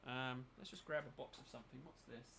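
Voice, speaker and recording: A man's voice: medium pitch, fairly even intonation, fast talker, vocal fry, noisy background. A man chatting casually and thinking aloud as he paints for his channel. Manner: thinks aloud, mutters while working. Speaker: miniature painting channel host. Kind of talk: casual chat while painting.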